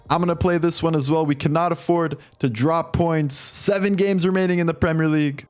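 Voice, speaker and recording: A young man giving play-by-play commentary on his own football video game career, excitable and quick to get frustrated. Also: a little high. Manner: excitable, swings from calm to frustrated. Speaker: gaming commentator.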